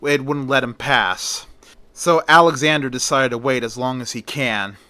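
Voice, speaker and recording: Bright-voiced man retelling a story. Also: medium pitch, moderate pace, clear, resonant tone, no room sound. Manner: casual, conversational narration with fillers.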